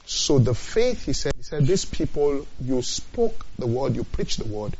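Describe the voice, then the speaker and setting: Male preacher, mid-pitched, emphatic, slow scripture quotes, dull lo-fi audio. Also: sing-song, darkish tone, a little hiss or hum. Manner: emphatic, repeats phrases, asks the listeners questions. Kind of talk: sermon.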